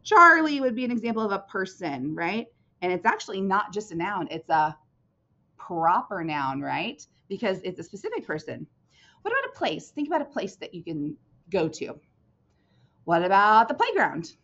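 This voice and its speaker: A woman's voice: medium pitch, moderate pace. A woman teacher giving a recorded lesson to young children, checking in with "right?" and "okay?" after each point. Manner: animated, sing-song teacher voice with frequent "right?" and "okay?" checks. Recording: dull lo-fi recording.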